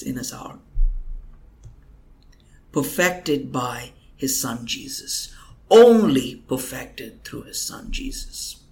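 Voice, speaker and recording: A man's voice: medium pitch, vocal fry, darkish tone. A man, a guest minister, telling an emotional testimony in a podcast interview, earnest and at times dropping to a whisper. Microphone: computer microphone.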